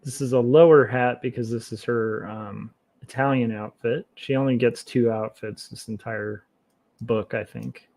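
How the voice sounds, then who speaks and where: A man streaming while he draws comics, chatting casually and thinking aloud in a relaxed, self-mocking way. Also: mid-range voice, unhurried, creaky. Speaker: comic artist streaming his work. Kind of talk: casual livestream commentary while drawing.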